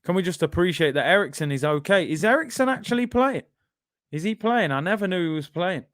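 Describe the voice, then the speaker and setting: A man with a British accent hosting a live football watch-along, bantering excitably and reading out viewer comments. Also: high-pitched, fairly quick, no room sound, clean studio sound.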